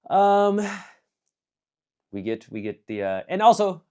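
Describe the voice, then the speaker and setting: Here a man reviews an anime film in a loose, rambling way, full of fillers and false starts. His voice sits high and comes out slow, clear and resonant, shifting from excited outbursts to soft muttered asides.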